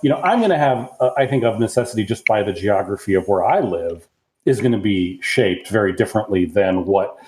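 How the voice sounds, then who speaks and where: A man's voice: on the low side, animated, fairly quick, a little mellow, roomy sound, slight background noise, low-quality recording. A man from the United States, chatting casually as a podcast guest and rambling with lots of fillers. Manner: easygoing, rambling with many "you know" fillers. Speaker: guest F1 journalist.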